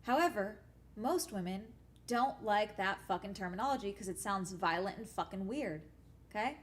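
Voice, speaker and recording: A young woman streaming and chatting casually, telling stories in a blunt, profane, animated way. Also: medium pitch, moderate pace.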